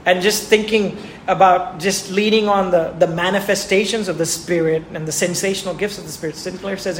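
A man's voice: high voice, fairly even intonation, fairly quick, few pauses. A man preaching a sermon who asks his listeners questions and repeats words for emphasis. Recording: echoey room with faint ambient noise.

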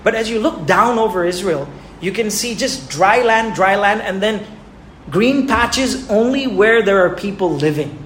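A man's voice: high voice, animated, a little slow, fairly bright tone. A man preaching a sermon who asks his listeners questions and repeats words for emphasis. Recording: echoey room with faint ambient noise.

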